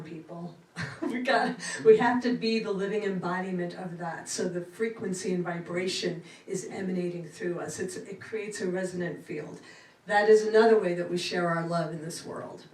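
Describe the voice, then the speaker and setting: A middle-aged woman giving a spiritual talk to a congregation with a lively, laughing cadence. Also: fairly low pitch, normal speed. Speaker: inspirational speaker. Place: church sanctuary. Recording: roomy hall from far off.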